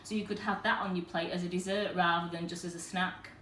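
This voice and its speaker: A woman's voice: lowish voice, level tone, quick pace, a bit bright. A woman hosting a live cooking demonstration in a kitchen, chatting to viewers as she explains each step. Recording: echoey kitchen with faint noise.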